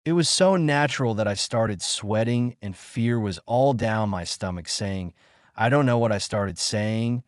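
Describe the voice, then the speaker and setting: A man with a fairly low voice recounts a spooky tale in the first person, tense and dramatic. The sound is dry and close to the mic, with no echo at all. His telling swells into anxious, rising outbursts. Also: a little slow. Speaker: storyteller. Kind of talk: dramatic horror storytelling.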